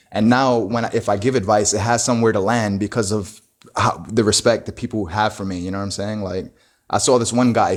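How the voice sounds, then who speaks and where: A man giving a casual, reflective monologue, full of "you know" and "bro" and frequent restarts. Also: on the low side. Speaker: motivational talker.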